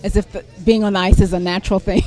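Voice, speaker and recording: A middle-aged woman recounting a story in a relaxed, chatty way. She is lively and self-mocking, and she laughs easily. Her voice sits at an average pitch. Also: quick pace, faint music behind. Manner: animated, laughing, self-deprecating. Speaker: guest storyteller. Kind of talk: conversational storytelling.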